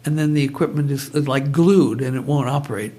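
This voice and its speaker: A man's voice: medium pitch, brisk, warm tone. An older man, a neurofeedback researcher, telling stories in a conversation, restarting often and raising his voice to act out quoted speech. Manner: rambling with repeated restarts; acts out quoted speech with a raised voice. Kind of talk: storytelling in a conversation.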